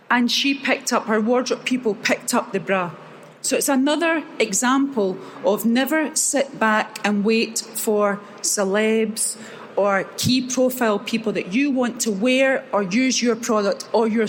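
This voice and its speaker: A middle-aged Scottish woman giving a motivational talk at a live event, acting out the dialogue in her stories with lively energy. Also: fairly high pitch, slight background noise. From Scotland. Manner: animated storyteller acting out dialogue. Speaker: keynote speaker.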